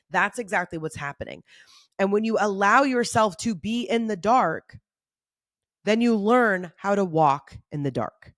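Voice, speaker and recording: Lady doing an energy reading to camera, peppy pep-talk vibe, dry close sound, middle-pitched voice. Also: normal speed, no room sound. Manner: animated, pep-talk delivery; acts out her own inner questions in a side voice. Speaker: intuitive reader. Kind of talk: channeled energy reading, direct address.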